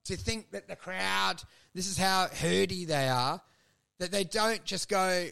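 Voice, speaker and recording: A man's voice: high voice, a little slow, vocal fry, clear, resonant tone. A man hosting a podcast, trading crude, profane comedic banter and riffing animatedly. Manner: animated, profane, launches into mocking voices. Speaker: podcast host.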